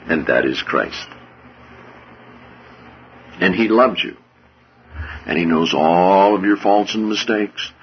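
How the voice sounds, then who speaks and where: A man preaching a sermon with a husky voice, swinging from hushed low passages to loud, high-pitched outbursts. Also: muffled recording.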